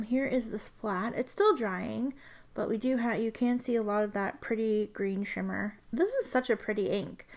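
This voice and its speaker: A young woman with a fairly high voice chats casually about her desk hobby, rambling along with plenty of fillers and restarts. She sounds close to a camera mic in a quiet room at home. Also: gravelly. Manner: chatty, rambling, lots of fillers. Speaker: ink vlogger. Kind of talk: casual chat.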